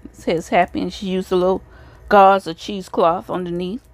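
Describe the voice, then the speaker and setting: A woman's voice: lowish voice, level tone, moderate pace, no echo. Woman gushing over craft items, dry close sound. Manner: gushing, repeats praise often. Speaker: craft video host. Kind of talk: casual show-and-tell of craft swap items.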